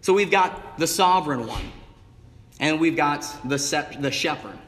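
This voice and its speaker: The congregation calls out replies as a man preaches an evening sermon in a church sanctuary. His fairly high, fairly bright voice moves with lively intonation at a slightly slow pace, and he stretches key words emphatically. Long hall reverb colors the sound.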